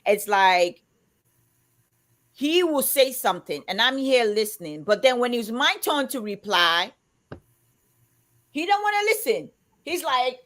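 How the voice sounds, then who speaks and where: A woman in her fifties who talks loudly and emphatically, as if shouting, chatting on a live show. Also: fairly high pitch, very animated, a little slow, long pauses. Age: 50s. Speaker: co-host of a live chat show. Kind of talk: casual chat.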